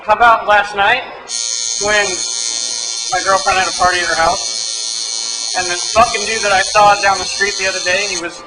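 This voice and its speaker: A man's voice: sits high, low-quality recording. A man in his thirties, a tattoo artist and shop co-owner, giving a casual interview full of rambling, profane, joking anecdotes. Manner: joking, profane, acts out voices in stories. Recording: loud music behind.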